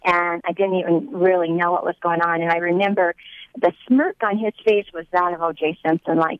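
A woman's voice: lowish voice, fairly even intonation, moderate pace, clean tone, no room sound, muffled recording. A woman giving a personal testimony, telling her story earnestly and acting out the dialogue as she recounts it.

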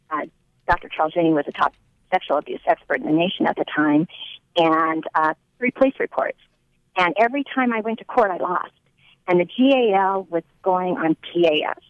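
A woman's voice: fairly low pitch, no room sound. Earnest woman recounting her ordeal, lo-fi. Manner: earnest, re-enacts dialogue in her retelling. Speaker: mother telling her story. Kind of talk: emotional personal testimony.

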